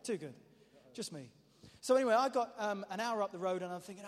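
A man preaching a testimony as an animated, self-mocking storyteller, often restarting his sentences. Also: extremely high pitch, quick pace. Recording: echoey hall reverb.

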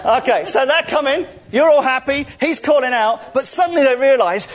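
With an extremely high-pitched voice at normal speed, a man delivers a playful church sermon, directing volunteers while telling a story full of jokes and frequent laughter.

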